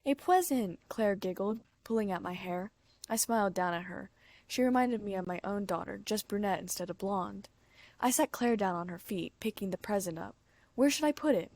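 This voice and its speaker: A woman's voice: medium pitch, moderate pace, darkish tone, no echo. A woman narrating a first-person audiobook with emotive storytelling.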